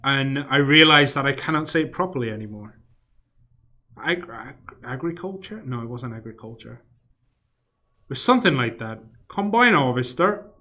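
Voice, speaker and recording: Bright-voiced man streaming a game. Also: medium pitch, animated, moderate pace. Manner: rambling, swears freely, mutters and hums to himself while playing. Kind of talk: casual live-stream chat while playing.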